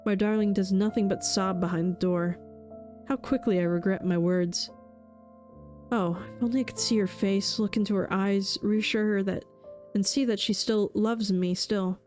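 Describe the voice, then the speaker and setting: A woman's voice: medium pitch, fairly even intonation, normal speed, a little mellow, soft background music. A woman streamer reading a horror visual novel aloud in a somber, dramatic way, with casual asides.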